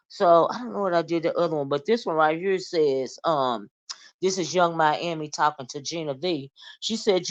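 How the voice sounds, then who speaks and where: A woman hosting casual gossip commentary, chatty and animated, often calling the listener "child" and "honey". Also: sits low, normal speed, lo-fi sound. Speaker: commentary vlogger.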